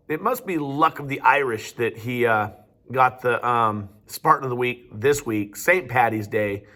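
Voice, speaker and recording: A man's voice: medium pitch, measured pace, sharp tone. A male teacher giving upbeat, chatty school announcements with casual fillers. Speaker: teacher presenting student awards.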